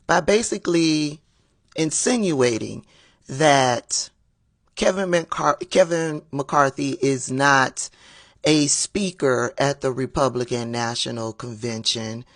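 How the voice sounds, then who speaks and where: Sassy woman vlogger talking politics real slow, drawls it out, dead dry room. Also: a bass voice, gravelly, no echo. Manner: sassy, drawn-out, laughs at own remarks. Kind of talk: casual political commentary.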